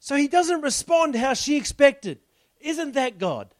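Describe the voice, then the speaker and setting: A man's voice: very high voice, sing-song, a little slow, no echo. A man, a pastor giving a conversational sermon, explaining the text and asking his listeners questions. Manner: chatty, explains the text and asks the congregation rhetorical questions.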